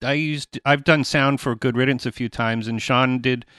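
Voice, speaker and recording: A man with a Canadian accent hosting a casual interview, chatty and quick to agree. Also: mid-range voice, steady tone, a bit bright, clear, resonant tone, no echo, studio quality. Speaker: podcast host.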